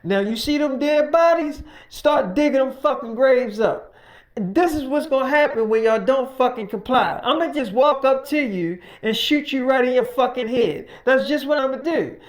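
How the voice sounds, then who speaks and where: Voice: high voice, normal speed, voice pushed up, lightly acted. A performer voicing a ruthless survivor boss. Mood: menacing. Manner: profane, threatening, barking orders. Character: ruthless male survivor boss, cruel and domineering. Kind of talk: improvised storytelling with voices.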